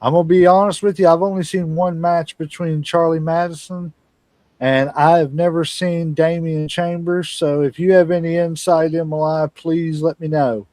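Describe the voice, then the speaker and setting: A man's voice: a little high, little pitch movement, moderate pace, a little mellow, no echo. A man hosting a casual wrestling podcast, easygoing and rambling, chatting and laughing with his co-hosts. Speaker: podcast host. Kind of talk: casual chat.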